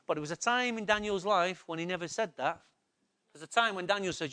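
High-voiced preacher man. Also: fairly quick, sharp tone. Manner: emphatic, repetitive, asks the congregation questions. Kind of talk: sermon. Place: church.

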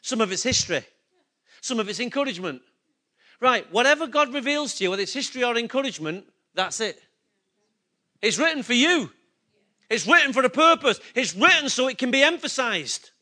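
A man's voice: extremely high pitch, big pitch swings, fairly quick, bright, forceful tone. A man preaching a sermon, emphatic and repetitive, asking the congregation rhetorical questions. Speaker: pastor.

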